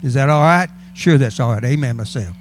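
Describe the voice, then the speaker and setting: A man's voice: mid-range voice, animated, fairly quick, slight background noise. A male pastor preaching a sermon in a church, fervent and calling out to the congregation. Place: church sanctuary.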